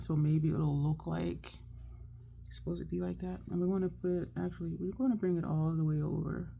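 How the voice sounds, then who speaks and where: Low gravelly-voiced woman makeup vlogger. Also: lo-fi sound, a little hiss or hum. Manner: chatty, thinks aloud while working. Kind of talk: casual makeup tutorial chat.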